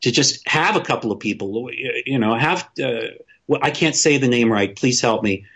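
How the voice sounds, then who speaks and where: A man's voice: mid-range voice, animated, normal speed, fairly bright tone, breathy edge. A man talking in a casual podcast discussion, opinionated and blunt, swearing freely and restarting his sentences often.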